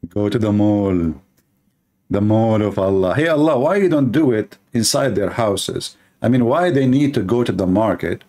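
A man's voice: mid-range voice, mellow. Sarcastic man giving polemical commentary. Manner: sarcastic, laughing at his own points. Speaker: religious debater.

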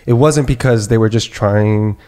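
A man hosting a casual podcast chat, telling a story in an animated way and acting out the people he quotes. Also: on the low side, moderate pace. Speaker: podcast host.

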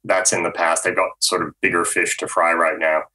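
Low bright-voiced man explaining carefully. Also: flat delivery, rough recording. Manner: measured, explanatory, frequent ums. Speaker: automotive journalist panelist. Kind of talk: podcast panel discussion.

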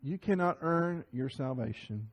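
A man preaching a Sunday sermon to his congregation, often repeating and restarting words and building to loud emphatic peaks. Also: mid-range voice, expressive, measured pace. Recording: sermon audio over slides.

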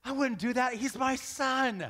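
A man giving a sermon as guest pastor, impassioned and animated, acting out the voices he quotes. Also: very high voice, measured pace. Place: church sanctuary. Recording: long hall reverb.

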